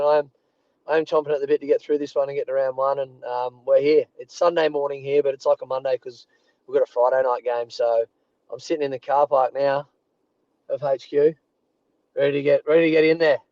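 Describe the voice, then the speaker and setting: A man in his thirties with an Australian accent, a rugby player guest telling animated anecdotes from a parked car over a remote call. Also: medium pitch, fairly quick, no room sound, muffled recording. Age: 30s. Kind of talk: casual storytelling.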